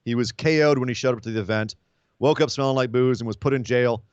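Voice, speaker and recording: A man co-hosting a wrestling podcast in casual chat, animated and sarcastic. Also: quick pace, smooth, dry recording, lo-fi sound. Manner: animated, sarcastic, swings up in pitch when exasperated. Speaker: podcast co-host.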